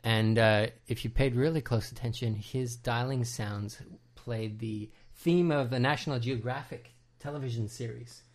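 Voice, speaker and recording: A man's voice: medium pitch, moderate pace, few pauses. Male podcast co-host with a mid-range voice, patiently explaining trivia in a hesitant, casual manner. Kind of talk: casual commentary chat.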